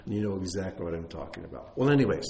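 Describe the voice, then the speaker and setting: A man teaching a congregation in an animated, conversational sermon, with self-deprecating asides. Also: low-pitched, racing, vocal fry. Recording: echoey room, faint noise.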